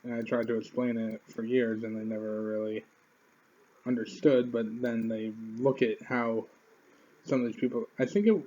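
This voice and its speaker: A man's voice: medium pitch, little pitch movement, moderate pace, dark tone, lo-fi sound. Young man telling a rambling profane story. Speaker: YouTuber. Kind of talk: casual storytelling to camera.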